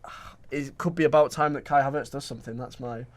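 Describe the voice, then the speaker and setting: A man's voice: medium pitch, fairly even intonation, quick pace. Young male co-host, casual football chat, runs the agenda, chatty and sure of himself. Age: young adult. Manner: leads the running order, chatty and confident. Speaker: podcast co-host.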